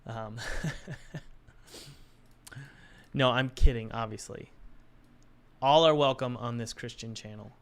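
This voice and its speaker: A man's voice: medium pitch, slow, pauses often, clear, resonant tone. A young man chatting casually on a live stream, joking and thinking aloud while he works on his game.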